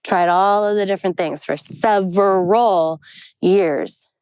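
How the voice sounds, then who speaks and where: A woman's voice: mid-range voice, slow pace, a little mellow, clear, resonant tone, no room sound, poor audio. A woman telling a candid, rambling story into her phone while hiking on an outdoor forest trail. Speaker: vlogger. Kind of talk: casual storytelling vlog. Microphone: phone held while walking.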